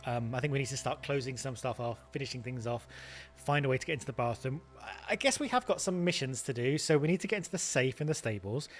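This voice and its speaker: A man's voice: mid-range voice, lively intonation, fast talker, faint music behind. A man hosting a let's play, thinking aloud in casual commentary and stumbling over repeated words.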